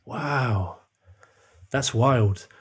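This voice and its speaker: This is a man in his thirties talking casually as a podcast host, his voice blocked up and nasal from a cold. He sits at a comfortable middle pitch and keeps the chat light, laughing often. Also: drawn-out words, husky. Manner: chatty, laughs easily. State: stuffy-nosed from a cold.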